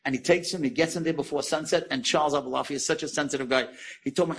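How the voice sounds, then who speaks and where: Gravelly, husky male storyteller. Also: fairly high pitch, racing. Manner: animated, asks the listeners questions. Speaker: preacher telling an inspirational story. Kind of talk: storytelling sermon.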